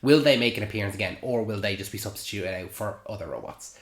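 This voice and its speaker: A man co-hosting a casual film podcast, thinking things through in a measured, agreeable way. His voice is fairly low. The recording carries a roomy echo. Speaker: podcast co-host. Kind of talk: casual film review chat.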